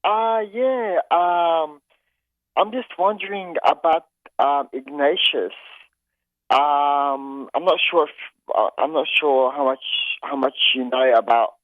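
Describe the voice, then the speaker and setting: A man's voice: on the high side, slow pace, no room sound. A man calling in to a radio show, speaking hesitantly with many "um"s and repeated words. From Australia. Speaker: caller. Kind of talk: phone call to a radio show. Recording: dry tinny phone line.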